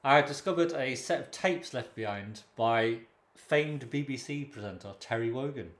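A man co-hosting a comedy podcast, firing back dry, quick retorts in a casual chat. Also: mid-range voice, fairly bright tone. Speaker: podcast co-host. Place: same room as co-host, indoors. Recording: roomy echo.

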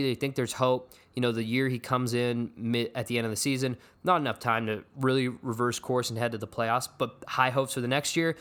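A man's voice: mid-range voice, fairly bright tone. A young man hosting a podcast, ranting about football in a profane, sarcastic, casual way. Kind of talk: casual sports rant.

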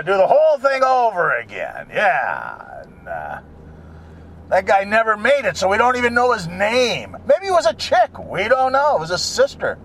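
A man's voice: high-pitched, fairly bright tone. A man rambling and joking irreverently in a casual monologue from his car. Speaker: vlogger. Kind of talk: casual monologue while driving.

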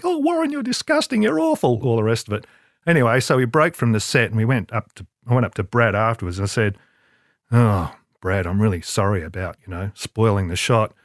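A man's voice: lowish voice, a little fast, no echo, studio quality. An older man, an advertising creative, telling a rambling, self-deprecating anecdote in an interview with many restarts. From Australia.

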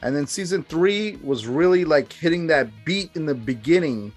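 A man's voice: fairly high pitch, lively intonation, moderate pace, faint music behind. A man co-hosting a casual podcast who talks hesitantly, with many fillers and restarts. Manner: hesitant, full of fillers and restarts, laughs along. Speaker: podcast co-host.

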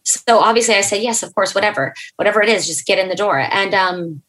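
A young adult woman, a podcast guest, telling an emotional personal story in an earnest, halting way, with fillers and restarts. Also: medium pitch, a bit bright, low-quality recording.

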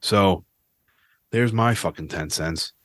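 A man's voice: low voice, takes it slowly, dry recording, clean studio sound. A man hosting his own podcast, ranting casually with lots of swearing. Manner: profane, ranting, restless. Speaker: podcast host.

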